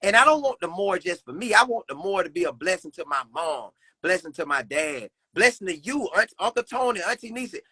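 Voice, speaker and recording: High bright-voiced young man testifying. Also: expressive, brisk, hardly any pauses, slightly rough, dry recording. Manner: earnest, preacherly, repeats phrases. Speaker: podcast guest. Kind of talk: casual faith conversation.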